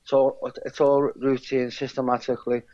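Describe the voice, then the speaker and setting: A man's voice: medium pitch, flat delivery, moderate pace, dark tone. A man, a guest in a casual interview, who rambles with many repeated words and restarts. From England. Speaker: guest, character lookalike. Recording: dull lo-fi sound.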